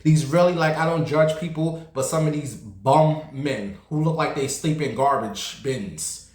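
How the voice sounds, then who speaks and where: A man telling a story in a casual vlog, in a sassy, blunt, animated way. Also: on the high side, unhurried, echoey room.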